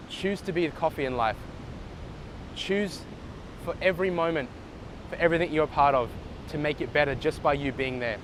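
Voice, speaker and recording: A man's voice: on the high side, a little fast, pauses often, fairly bright tone, rough recording. Earnest, encouraging male motivational speaker, recorded outdoors with faint traffic behind. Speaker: motivational vlogger. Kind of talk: motivational storytelling. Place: outdoors in the sun near water.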